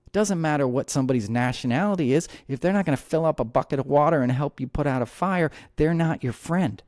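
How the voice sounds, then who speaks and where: A man's voice: a little high, fast, a little mellow, dry recording, studio quality. A man hosting a podcast, ranting heatedly about politics with many restarts and repeated words. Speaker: podcast host. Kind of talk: angry political commentary.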